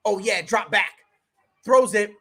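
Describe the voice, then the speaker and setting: A streamer giving casual live play-by-play commentary, slangy and excitable, chatting with viewers between plays. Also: mid-range voice, slow pace, creaky. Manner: excitable, bursts into shouted reactions and laughter. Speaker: sports streamer.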